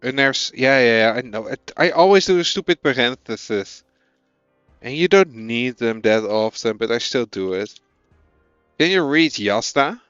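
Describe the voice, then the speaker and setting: A man's voice: mid-range voice, lively intonation, normal speed, a bit bright, clean tone, dry recording, lo-fi sound, soft background music. A man with a Dutch accent, a native Dutch speaker, thinking aloud as he codes and chatting with viewers on a casual live stream.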